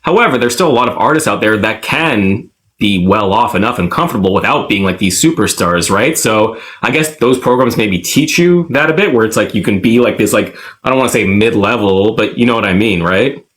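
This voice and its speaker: A male interview host with a somewhat low voice. He talks in a relaxed way and lets his questions meander with plenty of fillers. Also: brisk. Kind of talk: casual interview.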